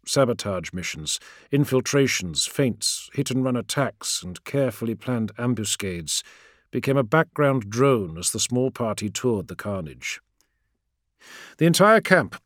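A man narrating a story in a measured, dramatic storytelling manner. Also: lowish voice, no echo, studio quality. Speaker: audiobook narrator. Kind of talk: scripted narration.

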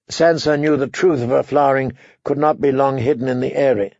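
A man reading a novel aloud as audiobook narrator, in a measured, even storytelling manner. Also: mid-range voice, creaky, dry recording, lo-fi sound. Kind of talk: scripted narration.

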